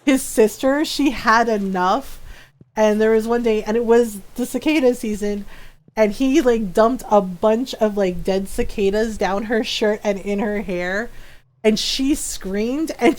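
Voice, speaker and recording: A woman's voice: fairly high pitch, unhurried. A young woman live-streaming a game, telling stories in casual chat, laughing often and acting out what people said. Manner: chatty storyteller, laughs often, acts out quotes.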